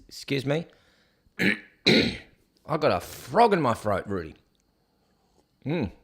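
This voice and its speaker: A man hosting his own show, reading out news headlines and mocking them in a sarcastic, scoffing rant. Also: fairly high pitch. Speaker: show host. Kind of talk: casual news commentary rant.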